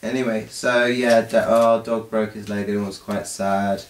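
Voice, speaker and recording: A man's voice: lowish voice, level tone, moderate pace. A young man co-hosting a casual podcast, telling stories with lots of hesitant fillers. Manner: hesitant storyteller, many fillers. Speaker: podcast co-host. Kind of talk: casual chat. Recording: roomy, distant mic.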